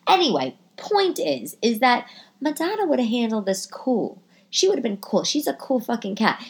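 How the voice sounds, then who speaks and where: A woman hosting her podcast alone from her living room, talking into a computer microphone in a rambling, profane, self-mocking comedic monologue full of restarts. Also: on the high side. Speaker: podcast host.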